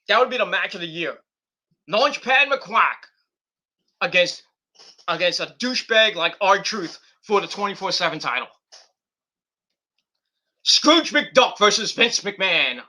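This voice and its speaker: A man's voice: high voice, pushed and bright. A middle-aged man hosting a livestream, ranting casually and profanely with sarcastic mock quotes. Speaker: streamer host.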